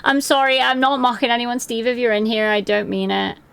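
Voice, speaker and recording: A woman's voice: fairly high pitch, brisk, gravelly, fairly bright tone, clear, resonant tone. A young woman streaming live from her room at home, chatting loosely and answering her chat by name.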